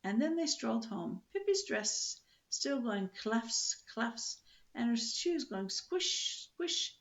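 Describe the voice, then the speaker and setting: An older woman reading a children's book aloud in a lively, expressive storytelling manner. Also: on the high side, slow, lo-fi sound.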